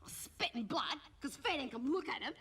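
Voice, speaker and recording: A woman's voice: high-pitched, lively intonation, normal speed. A woman with an Australian accent playing a bratty, cheeky teenage schoolgirl who rambles gossipily in a whiny, sing-song, nasal voice and mimics the people she talks about. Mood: whingeing. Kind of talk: comic monologue to camera. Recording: noisy old TV recording from a distant mic.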